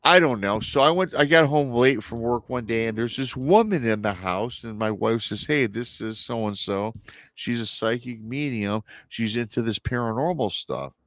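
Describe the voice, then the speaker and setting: A man in his thirties, a podcast guest, telling a personal paranormal story in a casual, animated way and acting out the people he quotes. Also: medium pitch, normal speed, dry recording. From Michigan.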